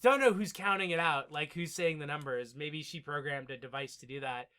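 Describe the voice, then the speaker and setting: A man co-hosting a casual podcast recap, rambling, swearing and acting out scenes in quick impressions. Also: on the high side, pushed and bright, smooth. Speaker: podcast co-host.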